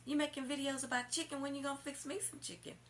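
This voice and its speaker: A woman's voice: level tone, fast talker, slight background noise. A woman imitating her taunting, smug boyfriend while telling a storytime vlog. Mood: teasing. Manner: taunting, high and loud. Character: smug mocking boyfriend, adult man.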